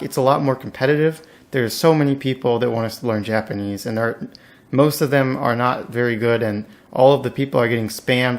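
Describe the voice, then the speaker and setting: A relaxed man speaking as an interview guest. His voice sits at an ordinary middle pitch, and he talks casually, with slang and plenty of "like" fillers. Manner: laid-back, slangy, filler-heavy with lots of "like".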